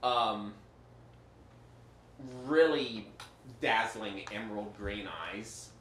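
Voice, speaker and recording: A man narrating as game master, slow and hesitant with many pauses. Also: fairly low pitch, fairly bright tone. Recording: echoey room, faint noise.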